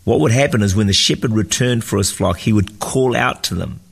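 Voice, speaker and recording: A man's voice: lowish voice, fairly quick, gravelly, a bit bright, slightly rough, big-room sound. A man preaching an earnest devotional sermon as a pastor, reading scripture and teaching emphatically.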